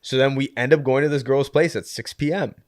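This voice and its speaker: A man's voice: medium pitch, brisk, no room sound, clean studio sound. A man, a guest on a podcast, telling a story in a casual chat, leaning on "like" and acting out what people said. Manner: animated storyteller, heavy use of "like", acts out quotes. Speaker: podcast guest, community co-founder.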